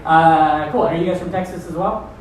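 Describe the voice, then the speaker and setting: A man's voice: fairly high pitch, moderate pace. A man from Iowa hosting a stand-up show, doing rambling, profane, self-deprecating crowd work. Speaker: comedy show host. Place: comedy club. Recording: echoey room from far off.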